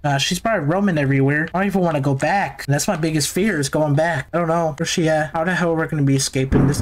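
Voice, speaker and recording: A man's voice: a little high, quick pace, few pauses, slight background noise. A man giving nervous, jumpy commentary while playing a horror game, talking to himself. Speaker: gaming YouTuber.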